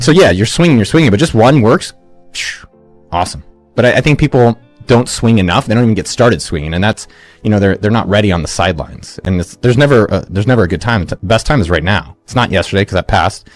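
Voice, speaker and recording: A man in his forties, an entrepreneur giving energetic motivational advice in an interview, often restarting and acting out quotes. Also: fairly low pitch. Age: 40s. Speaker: entrepreneur guest.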